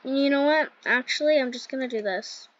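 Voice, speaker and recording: On a dry, dull, lo-fi recording, a woman with a high voice talks at a moderate pace. She hosts a gaming channel, chatting casually and giggling through her gameplay commentary with plenty of "like" fillers.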